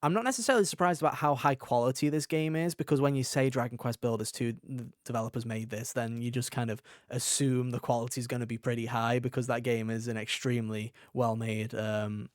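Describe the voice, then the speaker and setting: Young guy on a gaming podcast, smooth clear voice, dry close sound, animated storyteller. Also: medium pitch, dry recording. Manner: animated storyteller, acts out quotes. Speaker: podcast co-host. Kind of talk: casual chat.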